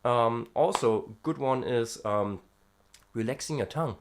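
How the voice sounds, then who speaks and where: A man's voice: mid-range voice, unhurried. A man from Europe talking casually and hesitantly about vocal technique, with many fillers, breaking into short sound demonstrations. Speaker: vocal student vlogger. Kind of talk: casual singing-lesson vlog.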